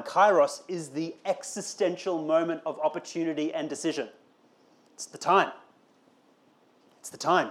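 A man preaching a conversational sermon, asking rhetorical questions and building to emphatic calls. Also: fairly high pitch. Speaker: pastor.

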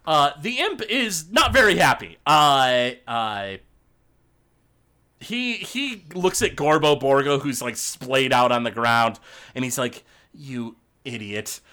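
A man runs a tabletop game as game master, halting and filling pauses as he narrates. His voice swings in pitch and sounds bright. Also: very animated. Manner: halting, many fillers.

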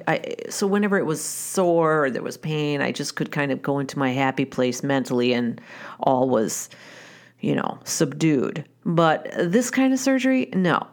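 A woman with a notably low-pitched voice tells a story from her own life. Her delivery is candid and wry, with the loose rhythm of conversation and frequent restarts. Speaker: wife and mother. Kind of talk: personal storytelling.

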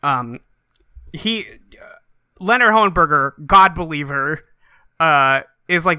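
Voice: mid-range voice, slow, long pauses, pushed and bright, smooth, no room sound. A co-host in a casual book discussion who trades dry, swearing quips. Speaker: podcast co-host.

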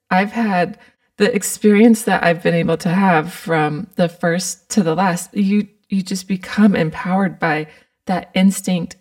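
Emotional woman host, a little distant from the mic. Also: medium pitch. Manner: emotional, warm questioning. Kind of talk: casual conversation.

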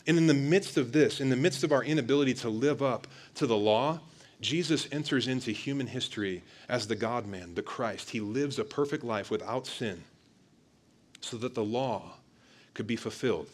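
A male pastor preaching an energetic sermon, talking straight to the congregation and pressing his points hard. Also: mid-range voice, normal speed. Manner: energetic, emphatic preaching with direct address to the congregation.

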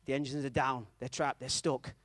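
A man's voice: mid-range voice, little pitch movement, moderate pace, a bit bright, no echo. A man preaching a conversational sermon, telling a story and checking in with his audience, with a self-mocking manner.

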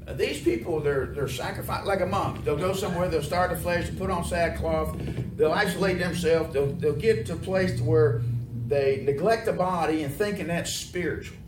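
Folksy preacher, echoey church sound. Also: male voice, a little high, moderate pace, hardly any pauses. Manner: folksy, asks the congregation questions. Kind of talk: sermon with call and response. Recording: echoey room, mic from far off, noisy.

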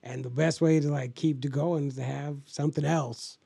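A man's voice: a little high, steady tone, moderate pace, creaky, warm tone, breathy edge. A young adult man co-hosting a podcast in casual chat, rambling and profane with lots of filler words. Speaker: podcast co-host.

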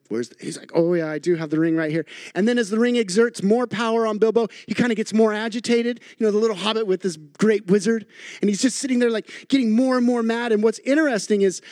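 A man's voice: high voice, a little mellow, no echo, clean studio sound. A man preaching a sermon as a pastor, telling a story with animation and repeating phrases for emphasis.

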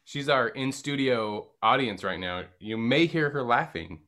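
A man's voice: mid-range voice, animated, measured pace, pushed and bright, no echo, studio quality. A man hosting an improv podcast in casual chat, talking in a chatty, reflective and self-teasing way.

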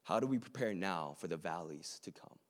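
A man's voice: low-pitched, expressive, a little fast. A man preaching a sermon to a live room, earnest and conversational, with joking asides to the audience.

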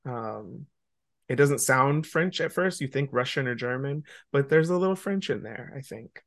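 Guy co-hosting a podcast, kinda gravelly, rambles w lots of ums. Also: mid-range voice, animated, a little slow, a bit bright. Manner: chatty and rambling, with many fillers. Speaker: podcast co-host. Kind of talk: casual chat.

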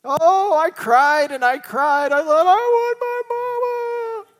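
A man's voice: high-pitched, measured pace. A male pastor acting out his teenage self as a homesick boy, wailing tearfully for his mama.

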